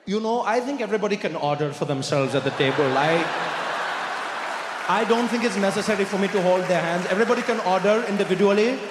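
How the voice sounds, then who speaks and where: A man performing stand-up comedy with an animated, exaggerated storytelling manner on a large theater stage. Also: sits high, fast talker. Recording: echoey live hall with crowd noise.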